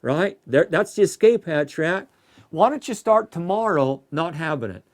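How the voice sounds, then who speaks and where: A man's voice: fairly high pitch, lively intonation, normal speed. A man preaching a sermon in a conversational way, asking his listeners direct questions.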